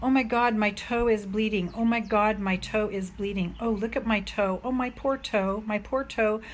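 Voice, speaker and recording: A woman's voice: mid-range voice, fairly even intonation, moderate pace, slight background noise, natural voice. A woman voicing a self-pitying person who wails melodramatically over a stubbed toe. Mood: melodramatic whining. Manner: wailing, self-pitying, catastrophizing.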